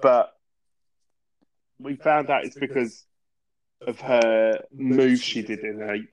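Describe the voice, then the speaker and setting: A man's voice: mid-range voice, fairly even intonation, slow, rough recording. A man co-hosting a casual podcast, chatty and teasing as he recaps a TV episode, recorded on a phone at home. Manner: chatty, teasing, laughs often. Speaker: podcast co-host. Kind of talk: casual chat recapping a TV show.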